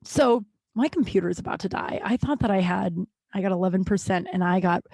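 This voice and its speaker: A woman's voice: mid-range voice, brisk, a little mellow, husky, dry recording. A woman in her thirties from Denver telling profane, rambling comedic stories as a podcast host, laughing at herself, with a runny nose. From Denver, USA. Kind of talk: casual comedic storytelling.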